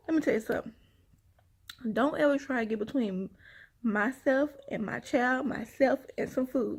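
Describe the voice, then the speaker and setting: A woman tells a long personal story straight to her viewers, often sighing and saying y'all. Her voice is husky and sits a bit high. She talks in a loose, conversational way. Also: moderate pace. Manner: chatty, addresses viewers as y'all, sighs often. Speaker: vlogger.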